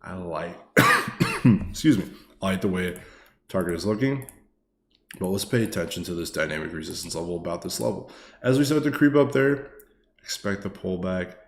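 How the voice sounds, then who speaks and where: A very deep-voiced man riffs through stock charts on a live stream, loose and excitable, cursing casually and tossing in "man" and "okay" every few lines. His voice rings in an echoey room. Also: normal speed, creaky, pauses often. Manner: excitable, swears freely, peppers talk with "man" and "okay".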